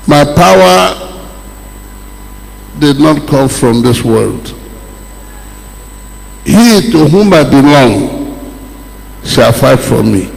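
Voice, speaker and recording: A man preaching a sermon in slow, emphatic bursts, his voice rising on key words. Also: medium pitch, animated, vocal fry. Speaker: pastor. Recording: echoey hall with long reverb.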